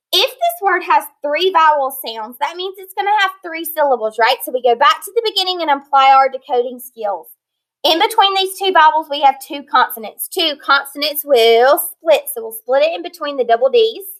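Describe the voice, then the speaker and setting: A woman teaching an online phonics lesson, sounding out words slowly and checking in with her students. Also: high-pitched, pushed and bright. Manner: slow, deliberate modeling of word sounds; encouraging, checks with "right?" and "okay?".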